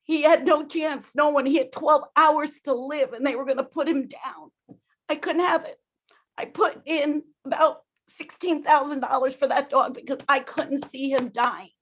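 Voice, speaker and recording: A woman's voice: high-pitched, fairly even intonation, moderate pace. A woman giving emotional public testimony at a hearing, upset and pleading, apologizing as she goes.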